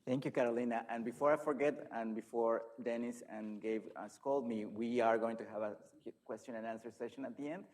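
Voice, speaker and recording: A man's voice: mid-range voice, fairly even intonation, brisk, hardly any pauses, darkish tone. A man with a mid-range voice moderates a panel discussion. He introduces the speakers and asks his questions with a light, joking touch.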